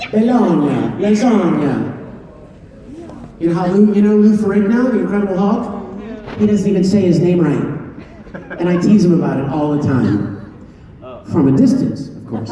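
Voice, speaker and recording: A man, a voice actor, chatting playfully and teasing the crowd at a convention Q&A, laughing often. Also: high voice. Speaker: voice actor guest at a fan convention Q&A. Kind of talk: casual convention Q&A. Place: large convention hall. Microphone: handheld phone camera from the audience. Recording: echoey convention hall from far off.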